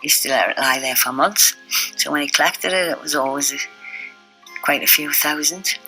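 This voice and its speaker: Low-voiced older woman. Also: moderate pace, bright, forceful tone, faint music behind, poor audio. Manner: chatty, acts out quotes in the story. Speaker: interviewee. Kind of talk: casual storytelling.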